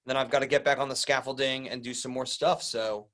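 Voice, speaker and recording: A man's voice: mid-range voice, fairly even intonation, brisk, fairly bright tone. Easygoing rambling man hosting a podcast. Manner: easygoing, rambling, repeats words. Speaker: podcast host. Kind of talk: casual chat.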